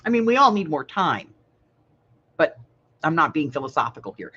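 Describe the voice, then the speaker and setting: A woman's voice: deep voice, sing-song, normal speed, long pauses, pushed and bright, slightly rough, dull audio. A woman hosting a casual live craft class, playful and joking, laughing often. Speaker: crafting livestream host.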